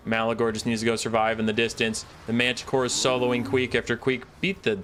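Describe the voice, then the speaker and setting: A man's voice: medium pitch, monotone, brisk, a bit bright, a little hiss or hum. A man streaming a strategy game, giving casual running commentary on his moves, playful and self-deprecating. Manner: playful, mock-scolding asides, self-deprecating. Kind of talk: casual live gameplay commentary.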